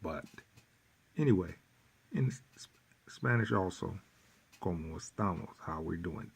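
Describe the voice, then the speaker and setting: A man teaching a workbook lesson, repeating phrases slowly with folksy asides. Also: low voice, animated, gravelly, husky. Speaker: Spanish teacher.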